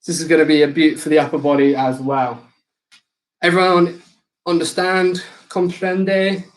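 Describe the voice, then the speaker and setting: The speaker is a young fitness instructor running a live online circuit class, mixing instructive, upbeat cues with light banter. His pitch is fairly high and his delivery flat, at a moderate pace, and the room echoes.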